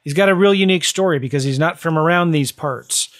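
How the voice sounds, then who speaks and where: A man's voice: fairly high pitch, quick pace. A man hosting a podcast, chatty and upbeat, promoting his book and interviewing a guest. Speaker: podcast host.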